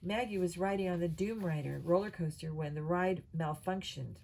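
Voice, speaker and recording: Lady reading as a deep serious announcer guy, mellow tone. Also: moderate pace, creaky. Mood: grave. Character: deep-voiced male announcer on a mission video.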